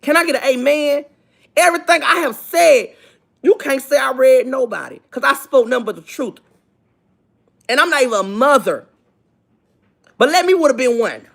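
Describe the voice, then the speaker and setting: A woman's voice: sits high, expressive, moderate pace, gravelly, long pauses, fairly bright tone. A woman hosting a gossip livestream, lecturing in a preachy, emphatic way and repeating her points. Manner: preachy, repetitive, emphatic, asks for amens. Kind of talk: livestream commentary.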